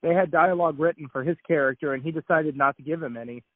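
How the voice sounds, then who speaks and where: A man's voice: fairly high pitch, fast, dry recording. A man interviewing a guest by phone, asking eager questions. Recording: tinny phone line.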